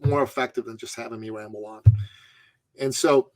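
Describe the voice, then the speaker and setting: A middle-aged man, a podcast guest, tells a story with drama and laughter in an animated way. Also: mid-range voice, normal speed, faint music behind.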